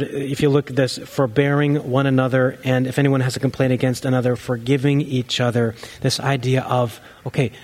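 A pastor preaches earnestly, building up to emphatic lines before sinking back to a low, soft delivery.

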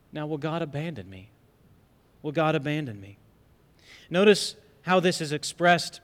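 A male pastor preaching a sermon with emphatic rhetorical questions, swinging between loud and soft. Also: on the high side, lively intonation, a little slow, pauses often. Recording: long hall reverb.

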